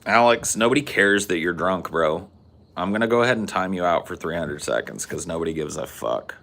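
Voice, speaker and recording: A man hosting a podcast in casual, sardonic chat, swearing freely and tossing off quick asides. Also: low-pitched, gravelly, fairly bright tone. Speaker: podcast host.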